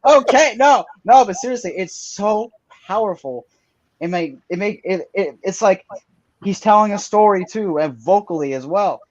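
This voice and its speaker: Excitable man, rambling and gushing, fairly high voice, muffled lo-fi sound, video call debate. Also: normal speed. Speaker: debate panelist. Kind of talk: casual online debate.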